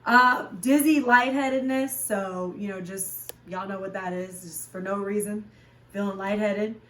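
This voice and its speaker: A woman's voice: mid-range voice, fairly even intonation, measured pace, a bit bright. A woman fitness instructor talking frankly and casually to her viewers, chatty and loose with fillers. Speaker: fitness vlogger and class instructor. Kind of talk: candid casual chat. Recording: roomy sound, voice from a distance.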